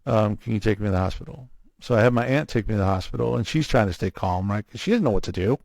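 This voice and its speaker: A man telling his own story in a casual interview, animated, acting out what others said to him. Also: lowish voice, fast talker, creaky, no room sound. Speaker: guest, cardiac arrest survivor.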